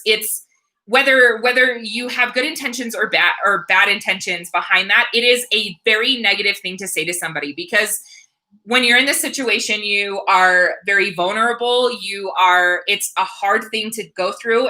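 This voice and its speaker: An American woman in her thirties answering viewer questions on a livestream, earnest and emotional, with many halting restarts. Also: medium pitch, sharp tone, rough recording. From United States. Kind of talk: livestream Q&A chat.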